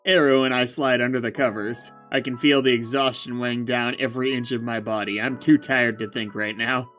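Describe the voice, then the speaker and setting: A man voicing a tired, deadpan young protagonist in a visual novel, dry and low-key. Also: brisk, soft background music, close to an everyday voice. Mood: weary. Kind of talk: reading a visual novel aloud.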